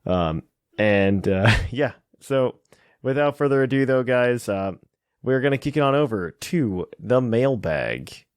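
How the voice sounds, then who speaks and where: A man hosting a casual podcast in a relaxed, chatty way. His voice sits mid-pitch and sounds dry and close. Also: measured pace, clean tone, no room sound. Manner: relaxed, chatty, frequent fillers and laughs. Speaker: podcast host.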